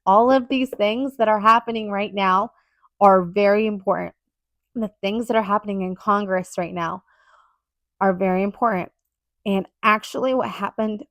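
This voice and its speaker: A woman's voice: medium pitch, moderate pace, fairly bright tone, no echo. A woman hosting her own podcast, talking earnestly and emphatically in a rambling solo monologue with lots of fillers. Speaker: podcast host.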